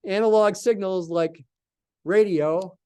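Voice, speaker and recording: A man's voice: sits high, slow pace, mellow, smooth. A man teaching a live calculus class, thinking aloud and asking and answering his own questions as he goes. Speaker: math lecturer.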